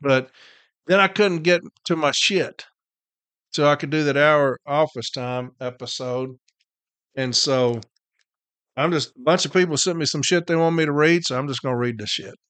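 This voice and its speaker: A man's voice: fairly high pitch, moderate pace, a bit bright, clear, resonant tone, no room sound. Blunt, heated man ranting. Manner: blunt, heated, profane, repeats points for emphasis. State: tired and irritated. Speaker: podcast host and union representative. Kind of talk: casual profane rant.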